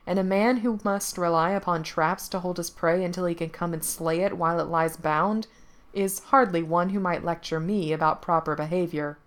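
A woman's voice: lowish voice, steady tone, normal speed, close to an everyday voice. A woman voicing a bold, fearless young wandering hero who speaks with proud spirit. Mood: firm.

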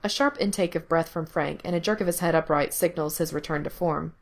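Low gravelly woman reading a story. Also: a little fast. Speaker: reader. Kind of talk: reading explicit fan fiction aloud.

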